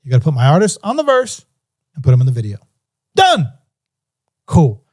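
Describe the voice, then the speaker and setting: A man's voice: mid-range voice, wildly swooping pitch, quick pace, darkish tone. A middle-aged man and music producer telling a story in an interview, acting out phone calls in different voices.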